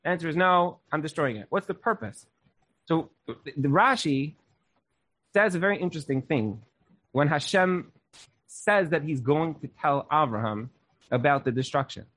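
A man's voice: on the high side, lively intonation, normal speed, pauses often, a bit bright. Earnest young man teaching a Torah class. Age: young adult. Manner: earnest, casual, often says "like".

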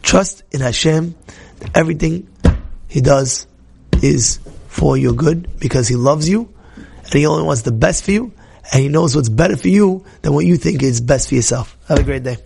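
A man teaching a Torah lesson, telling a story in an animated way with repeated phrases and acted-out quotes. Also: fairly high pitch, moderate pace, vocal fry, breathy edge. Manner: animated, repetitive, acts out quotes.

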